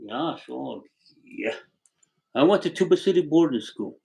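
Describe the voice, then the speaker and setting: Over a rough recording, an older man from Arizona talks slowly in a little high, gravelly voice with a breathy edge, very animated. He hosts a casual livestream from his home with a wood stove, warmly thanking viewers by name and telling rambling stories.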